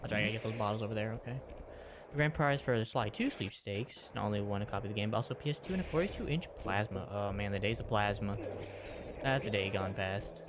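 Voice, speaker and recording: Low-voiced man streaming a game. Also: fast talker, noisy background. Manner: rambling, chatty. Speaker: gaming streamer. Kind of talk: casual gameplay commentary. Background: game music.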